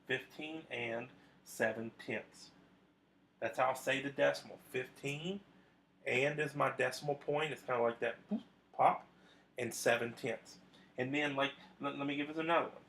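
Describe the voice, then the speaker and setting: A man's voice: mid-range voice, steady tone, fast, creaky, fairly bright tone, a little hiss or hum. A man teaching a video math lesson to his students, talking conversationally with frequent fillers and restarts.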